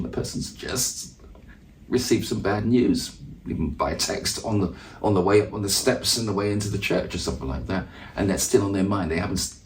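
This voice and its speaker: Male speaker, low pitch, devotional talk: reads scripture aloud, then thinks it through in a loose, reflective way with restarts. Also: a little mellow, a little hiss or hum. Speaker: musician teaching on the Psalms.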